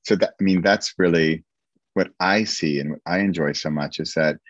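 A man hosting a podcast, with a very low, husky voice. He sounds encouraging and playful. The recording is dry and muffled, with little room sound. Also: normal speed, no room sound. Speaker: podcast host. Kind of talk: casual podcast chat.

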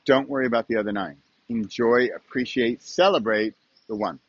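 A man's voice: mid-range voice, moderate pace, dry recording, dull audio. A middle-aged man hosting his own podcast in a casual solo monologue, chatty and often asking the listener questions. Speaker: podcast host.

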